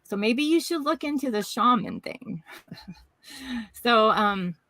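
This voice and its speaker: A woman's voice: on the high side, animated, slow pace, bright, forceful tone, no room sound, poor audio. A middle-aged woman from Washington State, telling a rambling personal story as a podcast guest and acting out the voices of people she quotes. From Washington State, USA. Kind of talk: casual storytelling chat.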